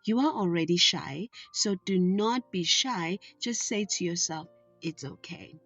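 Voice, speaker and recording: A woman voicing a loving father who gently reassures his little daughter in a storybook tale. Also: lowish voice, a little slow, husky, no echo, muffled recording, faint music behind. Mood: reassuring. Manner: tender, reassuring.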